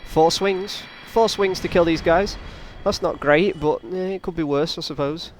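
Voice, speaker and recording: A man's voice: on the high side, a little slow, slight background noise. Chatty man doing let's play commentary. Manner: casual, rambling, taunts enemies on screen. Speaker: gaming channel host.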